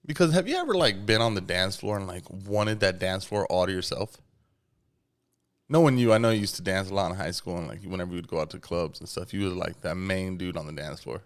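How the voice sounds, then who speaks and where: A laid-back man, hosting a casual podcast chat. His voice sits fairly low, and he rambles easily through his stories with lots of fillers. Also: expressive, a little fast. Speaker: podcast co-host.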